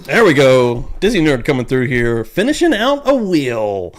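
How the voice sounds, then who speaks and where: A man's voice: mid-range voice, very animated, moderate pace. A man hosting a livestream, chatting casually and loosely at his desk mic, with a profane, rambling manner. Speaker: livestream host.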